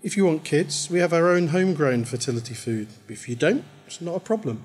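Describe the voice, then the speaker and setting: A man's voice: fairly high pitch, lively intonation, a little fast, a little mellow, slightly rough, soft background music. A man putting on a bold, teasing young woman. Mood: coaxing. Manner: teasing, persuasive. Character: confident young woman from outside.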